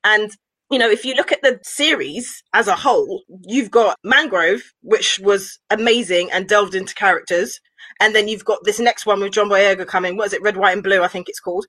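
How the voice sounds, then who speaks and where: A woman talks in lively, casual podcast chat, her voice sitting at an ordinary middle pitch. She keeps piling up rhetorical questions with growing exasperation. The sound is dry and close, with no room echo. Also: normal speed. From West London. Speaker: podcast co-host reviewing a film.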